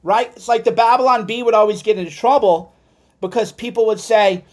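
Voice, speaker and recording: A man ranting as a political commentator, swearing and heated, swinging between loud outbursts and low muttered asides. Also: a little fast. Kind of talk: angry livestream rant.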